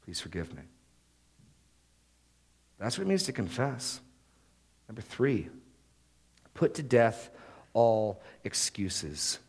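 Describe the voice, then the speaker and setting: Animated male preacher. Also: medium pitch, takes it slowly, gravelly, long pauses, breathy edge. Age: adult, married. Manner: lively preaching, acts out quoted prayers and excuses. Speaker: pastor. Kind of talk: sermon.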